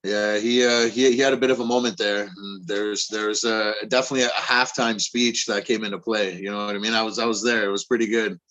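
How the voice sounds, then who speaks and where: A man talking in a casual podcast chat about arm wrestling, profane, excitable and emphatic. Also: lowish voice, brisk, hardly any pauses.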